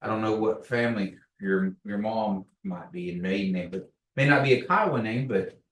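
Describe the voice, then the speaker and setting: A man teaching a language class, patiently repeating words slowly for learners. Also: fairly low pitch, expressive, a bit bright. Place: classroom, echoey room. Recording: echoey room, distant mic.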